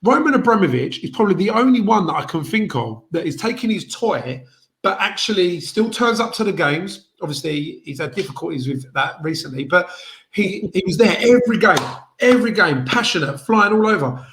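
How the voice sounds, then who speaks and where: A man's voice: sits high, animated, brisk, a bit bright. A man, co-hosting a casual football chat show and arguing his points emphatically, often repeating himself. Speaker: podcast co-host.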